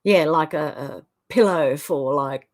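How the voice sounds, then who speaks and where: A woman's voice: low voice, slow. A middle-aged woman hosting a livestream, reading viewer comments aloud and chatting loosely between them. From Australia. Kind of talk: casual chat.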